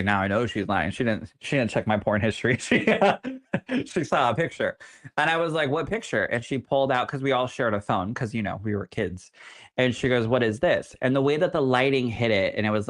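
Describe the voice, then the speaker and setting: A young adult man, a psychic medium co-hosting a podcast, telling stories in an animated, campy way. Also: medium pitch. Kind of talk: casual podcast chat.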